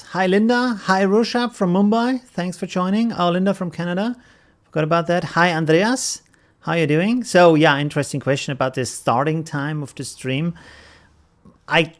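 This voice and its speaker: A man with a German accent hosting a casual live stream, greeting viewers by name and chuckling often. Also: high voice.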